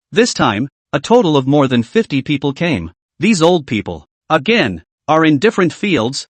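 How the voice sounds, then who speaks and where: A man reads a scripted story recap in a steady way. His voice sits a little high and moves widely in pitch. The recording is dry, with no room sound. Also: dry recording. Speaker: narrator.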